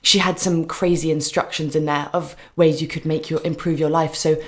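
A young woman with a British accent talks as a guest on a radio show. Her voice sits on the lower side. She chats loosely, filling pauses with ums and small laughs. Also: flat delivery. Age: young adult. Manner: chatty, hesitant with frequent ums, laughing asides. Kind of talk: casual radio chat.

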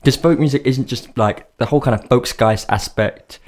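Male radio co-host, relaxed and dry-witted, mid-range voice, casual studio chat. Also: medium pitch, moderate pace.

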